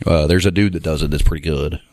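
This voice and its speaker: A man with a very deep voice talks in an easygoing, unhurried way, dropping plenty of yeahs and uhs and the odd curse. The sound is close and dry, with no room around it. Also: fairly even intonation, darkish tone, no room sound. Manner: laid-back, many yeahs and uhs, profane. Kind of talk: casual chat.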